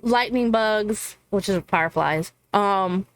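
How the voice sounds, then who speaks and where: A woman's voice: medium pitch, slow, clean tone. A woman co-hosting a reaction video, chatting casually and telling exaggerated funny stories. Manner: storytelling, exaggerating, laughing. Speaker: reaction channel co-host. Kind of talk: casual chat.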